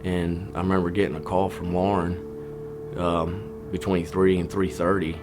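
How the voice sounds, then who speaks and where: Very deep, flat-voiced man. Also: music in the background. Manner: halting, full of "you know" and restarts. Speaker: interviewee, Navy officer. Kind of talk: documentary interview.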